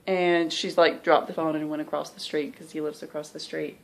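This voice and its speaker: A woman's voice: deep voice, fairly even intonation, a little fast, hardly any pauses. Southern woman, thirties, tired, rambling casual vlog chat, candid. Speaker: cross-stitch vlogger.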